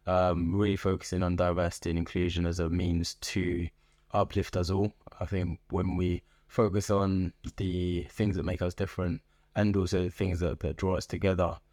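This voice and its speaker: A middle-aged man with a London accent, a guest in an interview, speaking in a thoughtful, measured way with frequent pauses. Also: low-pitched, little pitch movement, darkish tone, no room sound. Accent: London English. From England. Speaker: guest, organization founder. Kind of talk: conversational interview. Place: podcast booth.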